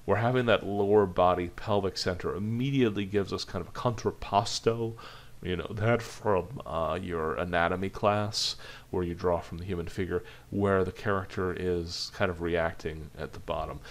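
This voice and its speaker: Low-voiced man thinking aloud while drawing. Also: steady tone, normal speed. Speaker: animation instructor. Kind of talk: live drawing demonstration lesson.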